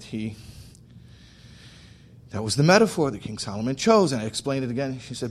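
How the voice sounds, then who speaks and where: Rabbi, male, mid-pitched voice, slow emphatic storyteller who acts out the dialogue. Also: slight background noise. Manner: animated storyteller acting out dialogue. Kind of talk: storytelling talk on faith.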